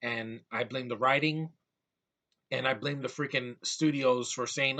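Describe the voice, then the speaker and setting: A man's voice: medium pitch, moderate pace, a bit bright. A man giving a blunt, exasperated movie review at home, swearing casually and piling on complaints.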